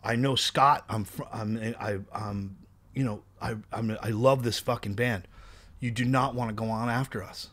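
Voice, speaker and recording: A man telling animated, profane tour stories in a casual chat. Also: medium pitch, moderate pace. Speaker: guest musician.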